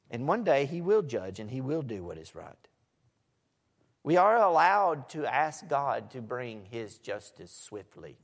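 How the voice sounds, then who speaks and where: A man preaching a sermon, swinging from soft asides to loud, emphatic lines. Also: mid-range voice. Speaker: pastor. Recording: echoey hall.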